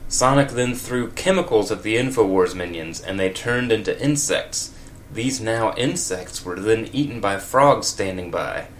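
A man's voice: fairly low pitch, measured pace, a little hiss or hum. A man reading comedic fan fiction aloud, with wry, laughing asides. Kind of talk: comedic read-aloud with commentary.

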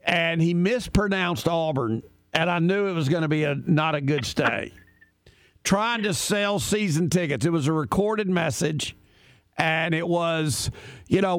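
On a sports talk radio show, a man with a voice on the high side speaks at a measured pace, his tone clean and free of echo. He chats as an opinionated storyteller, dropping in folksy asides.

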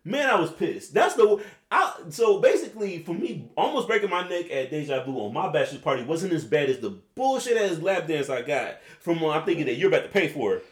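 A man in his twenties, a podcast host, telling a long story in a rambling, profane, animated way. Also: a little high, a little fast, hardly any pauses. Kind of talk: casual storytelling chat. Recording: roomy echo.

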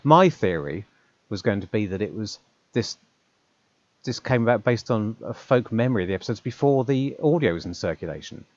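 A man's voice: lowish voice, expressive, a little fast, darkish tone, no echo, highs cut off. A man co-hosting a casual chat, musing aloud and stopping to correct himself. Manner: musing, self-interrupting, laughs often. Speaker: podcast co-host.

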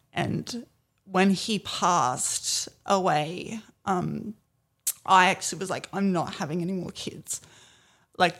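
A woman as a podcast guest, telling a personal story in a soft, reflective way with many fillers. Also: on the low side. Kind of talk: personal storytelling in a casual chat.

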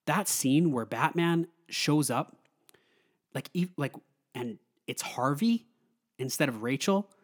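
A man giving a casual, excited film review, rambling with lots of fillers. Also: a little high, slow.

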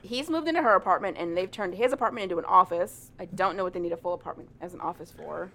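A woman's voice: fairly low pitch, vocal fry. Profane young woman recapping a book. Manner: profane, animated retelling with quick asides. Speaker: podcast co-host. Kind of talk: casual chat recapping a romance novel.

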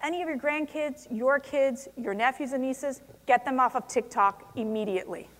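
Her voice sits high and her pace is moderate as this woman delivers an impassioned conference speech. Emphatic and intense, she drives hard on key words, and the large convention hall leaves a long echo on the recording.

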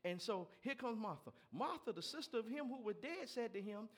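A male pastor a sermon, reading scripture and breaking into lively asides to the congregation. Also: high-pitched, fairly quick, few pauses, slightly rough. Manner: animated preaching with asides to the congregation.

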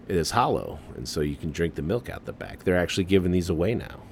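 A man from the Midwest with a very low voice, talking casually on his own as a podcast host. He is laid-back but keeps getting excited, peppering his talk with "man" and a little swearing. A faint hiss of noise sits under the recording. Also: quick pace. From American Midwest. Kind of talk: casual solo commentary.

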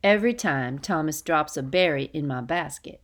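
A woman's voice: low voice, expressive, normal speed. A woman narrating a first-person story in an audiobook, reading steadily with folksy dialect phrasing.

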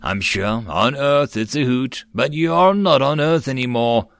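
A man voicing a weary, sarcastic male bird-like alien visa clerk in a sci-fi story reading, speaking in a dry, drawn-out way. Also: mid-range voice, gravelly, clean tone, dry recording.

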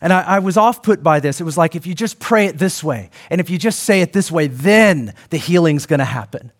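A man preaching a sermon to his congregation in an animated, conversational way, full of restarts and asides to the crowd. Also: fairly high pitch, brisk. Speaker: pastor.

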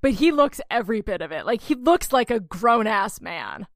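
A woman co-hosting a podcast, telling stories in a lively, animated way and laughing often. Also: fairly high pitch, normal speed, no room sound, studio quality. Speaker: podcast co-host. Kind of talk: casual chat.

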